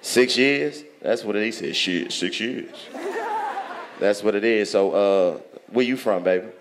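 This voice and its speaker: A man with a Washington DC accent doing stand-up, ribbing the audience with loud, profane banter. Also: on the low side, moderate pace. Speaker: stand-up comedian. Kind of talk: crowd work stand-up. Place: large theater on stage.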